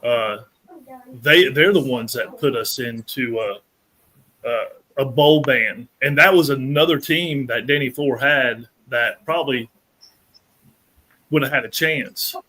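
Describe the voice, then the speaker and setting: A man's voice: medium pitch, slow, long pauses, bright, forceful tone, poor audio. A man and sports fan chatting casually on a podcast, easygoing with frequent restarts. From Maine. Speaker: podcast guest, Clemson fan. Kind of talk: casual chat.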